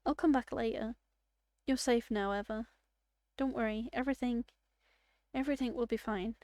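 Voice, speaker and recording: A woman voicing a calm, kindly hospital doctor in a game, reading the lines gently and reassuringly. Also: on the high side, normal speed, dry recording, lightly acted.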